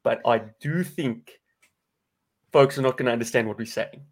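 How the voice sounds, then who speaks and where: A man's voice: mid-range voice, moderate pace. A South African man co-hosting a casual podcast chat, wordy and playful. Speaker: podcast co-host.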